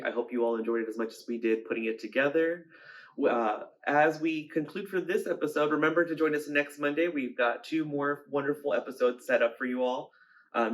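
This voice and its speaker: A man's voice: mid-range voice, poor audio. Man wrapping up an episode. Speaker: host. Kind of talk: closing announcement.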